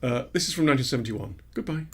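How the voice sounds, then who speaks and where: A man's voice: mid-range voice, lively intonation, rapid-fire, background noise. A man co-hosting a podcast, reading out animal facts and telling a silly joke with lots of ums and uhs. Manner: reads out trivia with many fillers, jokey storyteller. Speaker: podcast co-host. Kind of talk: casual chat.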